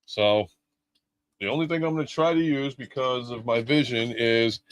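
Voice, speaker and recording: A man's voice: medium pitch, normal speed, no room sound. A middle-aged man live-streaming a toy unboxing, chatting casually with jokes, swearing and lots of fillers.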